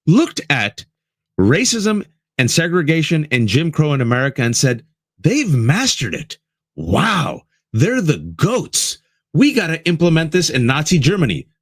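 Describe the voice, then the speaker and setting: A man with a slightly high voice runs a political commentary show, delivering his views with passion and frequently speaking to his listeners as "folks." It's a studio-quality recording without echo.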